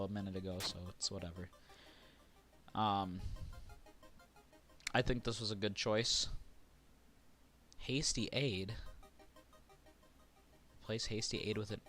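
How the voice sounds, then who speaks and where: Streaming a video game live, a man reads the on-screen text aloud and drops casual asides to his viewers in between. His voice is on the low side and a bit bright.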